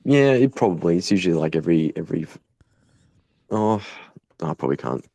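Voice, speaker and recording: A young Australian man speaking bluntly in an interview, swearing freely and pausing often with fillers. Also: low-pitched, animated, gravelly, warm tone, slightly rough, dry recording. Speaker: guest, volunteer fighter. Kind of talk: casual conversational interview.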